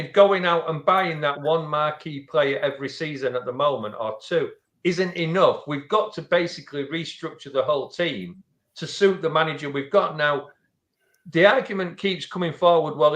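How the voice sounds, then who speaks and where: A fairly high-voiced man with a Yorkshire accent talks football in a relaxed podcast chat. He weighs his opinions carefully and often circles back to restart a thought. His voice rings through a noticeably echoey room. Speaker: football fan pundit.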